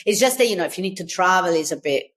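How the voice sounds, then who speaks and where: A woman from Italy, a design consultant talking in an interview, lively and quick to laugh. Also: fairly low pitch. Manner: lively, laughs often, repeats words when searching. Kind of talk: interview conversation.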